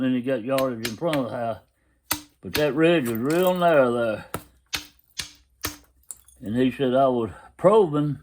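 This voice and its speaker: A man's voice: mid-range voice, background noise. A man telling a story in a folksy, casual way, constantly retelling what others said. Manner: folksy drawl, retelling quotes with "he said".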